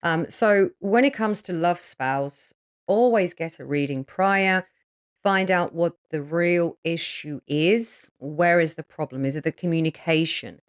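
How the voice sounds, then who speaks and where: A woman with a somewhat low voice speaks casually and straight to camera, telling it as it is. She is frank and chatty, swears without hesitation, and keeps checking in with her listeners. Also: measured pace, clean tone. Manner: blunt and frank, swears freely; chatty, with frequent fillers and tag questions. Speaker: spiritual practitioner offering spell consultations.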